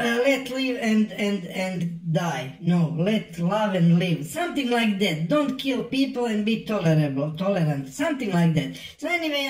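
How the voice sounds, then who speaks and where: Halting man in a roomy echo. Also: high voice. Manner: halting, repeats words, deadpan asides. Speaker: comedy product reviewer. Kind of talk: rambling comic review to camera.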